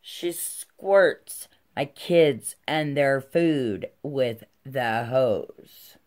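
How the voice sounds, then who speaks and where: Middle-aged woman, vlog storyteller, unhurried delivery, salty language. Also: rumbling low, darkish tone. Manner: profane, heated, conversational. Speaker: channel host telling a personal story.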